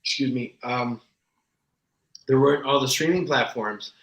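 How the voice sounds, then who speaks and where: A man talking as a guest actor, telling candid, animated stories with a self-deprecating streak. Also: medium pitch, a little slow. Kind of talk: casual interview storytelling. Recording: echoey room.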